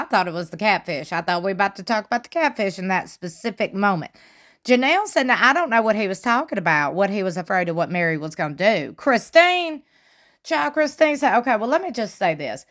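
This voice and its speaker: A woman giving chatty, gossipy commentary on a reality show, retelling what was said with lively emphasis. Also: mid-range voice. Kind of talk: casual commentary.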